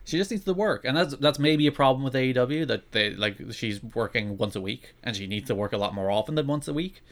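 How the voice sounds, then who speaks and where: A man's voice: medium pitch, animated, fairly quick. A man co-hosting a casual wrestling podcast, wry and opinionated. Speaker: podcast co-host.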